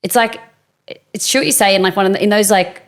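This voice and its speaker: A woman's voice: mid-range voice, fast. A woman co-hosting a podcast, telling a story in casual chat, acting out quotes with many fillers. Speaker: podcast co-host.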